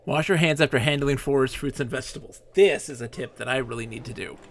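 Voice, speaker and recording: A man's voice: medium pitch, fast. A man streaming a game live, chatting and joking in character with playful, mock-dramatic rants.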